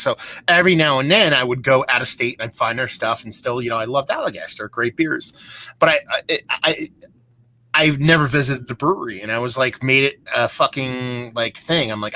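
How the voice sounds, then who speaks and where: A chatty man from Pennsylvania hosts a live beer hangout and rambles through a long story, restarting sentences and swearing freely. His voice is bright and forceful. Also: medium pitch, fast talker. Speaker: beer show host. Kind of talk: casual live-stream chat.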